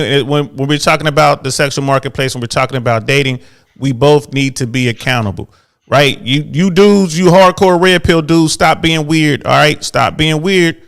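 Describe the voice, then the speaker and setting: A man's voice: fairly high pitch, fairly bright tone. A man giving emphatic closing remarks as a guest, repeating his points for effect. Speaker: guest commentator.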